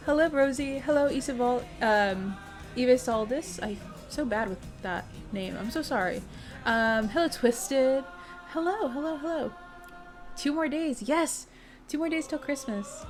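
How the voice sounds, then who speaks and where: Bubbly young woman chatting with stream viewers. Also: high voice. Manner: bubbly, chatty, greets chat by name, swears casually. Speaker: livestream host. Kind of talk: casual chat with livestream viewers. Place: home streaming setup. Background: faint music playing.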